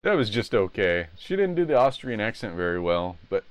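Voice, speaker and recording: A man's voice: lowish voice, big pitch swings, brisk, background noise. A man live-streaming retro games, chatting casually and rambling as he plays at home. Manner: rambling, self-correcting.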